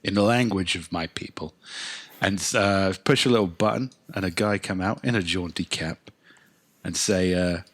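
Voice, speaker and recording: A man's voice: sits low, moderate pace, a bit bright. A man with an English accent, co-hosting a podcast in casual, sweary, wry banter. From England. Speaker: podcast co-host. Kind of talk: casual comedic chat.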